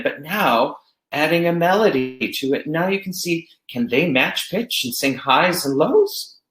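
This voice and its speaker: Lively-voiced man teaching music games. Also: on the high side. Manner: explains classroom games, speaks chants in rhythm. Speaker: music teacher presenting a workshop. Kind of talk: online teacher-training presentation. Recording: echoey room.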